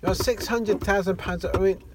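A man's voice: sits high, steady tone, normal speed, background noise. Young man, sweary podcast chat. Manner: sweary, stammering restarts. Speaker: podcast co-host. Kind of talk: casual chat.

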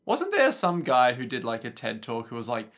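A man's voice: medium pitch, huge pitch swings, normal speed, a bit bright. A man co-hosting a casual podcast, reacting with incredulous exclamations and frequent swearing. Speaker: podcast co-host. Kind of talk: casual chat.

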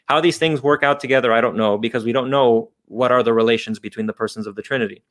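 A man's voice: mid-range voice, fast talker, a bit bright. Man thinking aloud through philosophy. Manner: thinking aloud, frequent restarts and fillers. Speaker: guest philosopher. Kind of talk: unscripted philosophical explanation.

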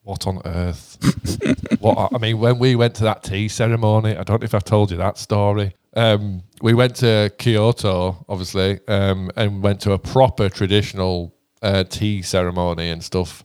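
A young British man in casual chat, animated and rambling, swearing and laughing often. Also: on the low side, normal speed, smooth. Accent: British English. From Britain.

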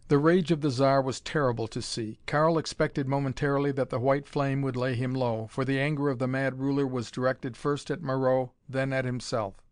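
A man's voice: medium pitch, steady tone, normal speed, hardly any pauses, clean tone, no room sound. A man narrating a dramatic pulp adventure story, reading it aloud in a dry recording.

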